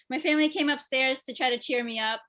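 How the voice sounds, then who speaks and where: A young woman performs a stand-up set over a video call, her voice high and bright. She keeps breaking into giggles at her own punchlines. The sound comes through a home computer mic. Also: brisk. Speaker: stand-up comedian.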